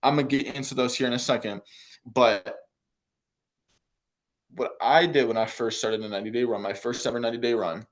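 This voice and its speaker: A man's voice: medium pitch, fairly even intonation, brisk, long pauses. Casual young man coaching with pep talk. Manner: casual, repetitive, filler-heavy pep talk. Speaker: business coach. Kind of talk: motivational coaching call.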